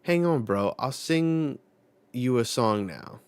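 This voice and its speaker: A man's voice: medium pitch, animated, takes it slowly, clear, resonant tone, no echo, pitched above the performer's own voice. A man doing a cheery laughing young musician. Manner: upbeat, laughing, friendly.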